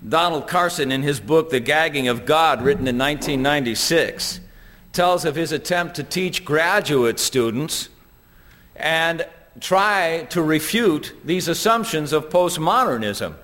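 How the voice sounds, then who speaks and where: A man's voice: on the high side, animated, a little slow, fairly bright tone. A man preaching a sermon to a congregation, telling stories and acting out quoted voices. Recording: long hall reverb.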